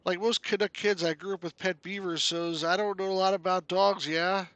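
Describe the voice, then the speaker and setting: A brash, boisterous Canadian cop barks through a video game adventure, as a man puts him on. His voice is pushed well above its usual pitch, bright and loud, and his exaggerated Canadian accent is hammed up to the hilt. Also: steady tone, moderate pace, dry recording. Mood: boastful. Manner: loud, hammy, ends lines with "eh".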